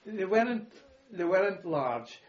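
A man's voice: high-pitched, sing-song, measured pace. An older man, telling war stories in an interview. He chuckles now and then and repeats words as he recalls events. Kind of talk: reminiscing storytelling. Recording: echoey room, slightly dull audio.

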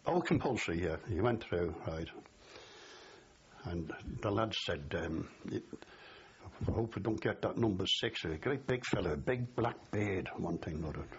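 An older man from the Liverpool area speaks in a broad Scouse accent, his low voice rising and falling widely as he tells his stories. He chuckles at his own memories. The recording is dull and lo-fi, with a faint hiss. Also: animated, normal speed, breathy edge. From Liverpool area, England. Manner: chatty storyteller, laughs at his memories. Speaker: interviewee. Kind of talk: oral history interview.

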